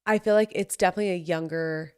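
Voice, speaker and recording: A woman's voice: fairly low pitch, fast talker, clean tone. A woman hosting a podcast, chatting casually and laughing often. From Utah. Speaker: podcast host. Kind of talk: casual chat.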